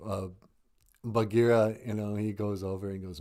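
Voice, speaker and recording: A man in his fifties, co-hosting a live stream, telling a story in a rambling, animated way and laughing often. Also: on the low side, normal speed. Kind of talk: casual chat, storytelling.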